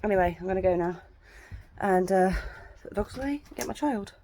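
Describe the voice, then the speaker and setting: A woman's voice: mid-range voice, animated, a little fast, mellow, a little hiss or hum. A woman in her thirties, a horse owner, chatting bluntly and swearing freely in a casual ranting vlog from an outdoor yard.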